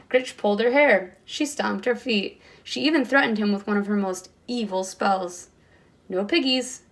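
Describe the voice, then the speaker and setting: A woman with a somewhat high voice reads a picture book aloud to a kindergarten class. Her storytime delivery is expressive and lively, shifting into voices for the characters. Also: moderate pace. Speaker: kindergarten teacher.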